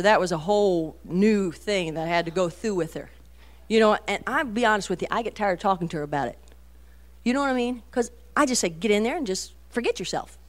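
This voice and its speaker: A middle-aged woman giving a folksy, animated talk to a women's meeting, storytelling with many asides. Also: on the high side. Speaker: Christian women's speaker.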